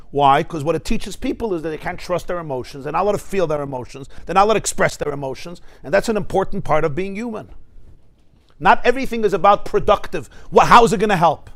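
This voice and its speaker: A man teaching a Torah class, emphatic and lively, weaving Hebrew quotations into his talk. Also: on the high side. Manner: emphatic, mixes Hebrew and Yiddish terms into English, acts out voices.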